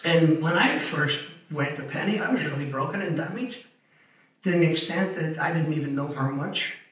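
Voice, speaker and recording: A man's voice: on the high side, moderate pace, fairly bright tone. A man from Northern Ireland with a Belfast accent, frankly telling his life story as a guest, often repeating words as he searches for them. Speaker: guest author. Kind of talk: casual storytelling interview. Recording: very echoey room, a bit distant from the mic.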